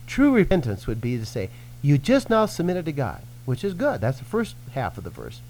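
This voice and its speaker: Male minister, lively swooping delivery, earnest teaching tone. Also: on the high side, normal speed, a little hiss or hum, rough recording. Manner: earnest, animated preaching with acted-out quotes. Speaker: Christian minister. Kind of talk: teaching in a radio-style conversation.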